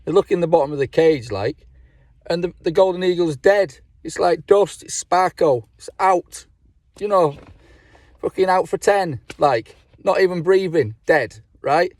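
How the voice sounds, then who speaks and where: A man's voice: sits high, expressive, unhurried, a little mellow, no echo. A man telling a joke to camera in a casual, rambling way, swearing freely and laughing at his own lines. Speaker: vlogger.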